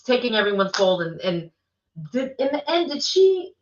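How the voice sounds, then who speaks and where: A woman actress co-hosting a casual chat, talking in quick restarts and repeats. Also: a little high, very animated. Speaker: co-host and actress. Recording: dull, roomy, far from mic.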